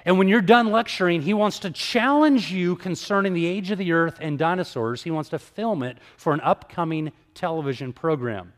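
A man giving a sermon-style talk, telling stories with lively acted-out dialogue. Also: high-pitched, normal speed, few pauses, big-room sound. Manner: animated storyteller, acts out dialogue. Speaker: evangelist speaker.

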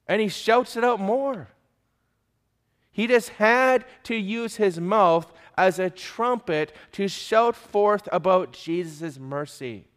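A male preacher giving an emphatic sermon, pressing his listeners with pointed questions. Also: high voice. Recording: long hall reverb.

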